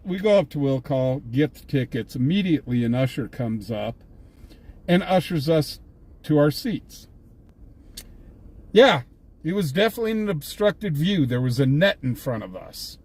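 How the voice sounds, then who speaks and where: A man's voice: fairly high pitch, lively intonation, unhurried, darkish tone. An older man, an independent reporter on a live stream, telling a long amused story in a rambling, casual way, with many restarts, from inside a vehicle. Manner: rambling, amused anecdote-teller with frequent restarts. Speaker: independent scanner-chasing reporter.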